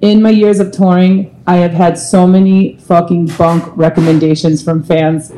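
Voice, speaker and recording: A woman's voice: fairly low pitch, normal speed, a little hiss or hum, rough recording. A woman singer, a guest on a live panel at a bar, telling candid and profane stories. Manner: profane, animated storyteller.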